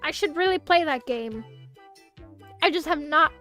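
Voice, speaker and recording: Very high voice, young woman, Miami Hispanic accent, chatty livestream talk, faint music behind. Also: a little slow. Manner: animated, chatty, swears freely, answers chat. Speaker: VTuber streamer. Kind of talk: casual livestream chat.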